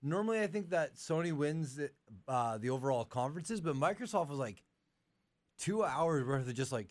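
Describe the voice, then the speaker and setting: A man's voice: fairly high pitch, animated, moderate pace. A man co-hosting a podcast, chatting casually with lots of "like", sounding congested from allergies. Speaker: podcast co-host.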